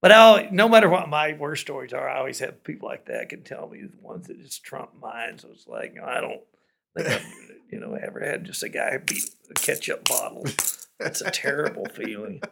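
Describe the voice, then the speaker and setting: A man's voice: fairly high pitch, lively intonation, normal speed, creaky, fairly bright tone, breathy edge. A man, a musician guest in a studio, telling rambling stories and laughing often. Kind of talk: storytelling in a relaxed conversation. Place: recording studio.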